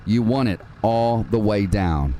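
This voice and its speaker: A man's voice: lowish voice, expressive, measured pace, dark tone, slight background noise. A man hosting a live farming-game stream, talking viewers through the controls in a casual, chatty way and calling them man and dude. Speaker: gaming livestream host. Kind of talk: live game tutorial with chat.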